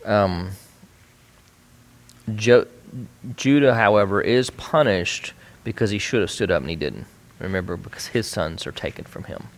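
Low-voiced man teaching a bible study. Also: unhurried. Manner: conversational, many fillers and restarts.

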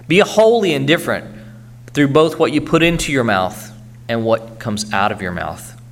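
A man's voice: medium pitch, a bit bright. Earnest man preaching a sermon. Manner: earnest exhortation, frequent "okay?" check-ins.

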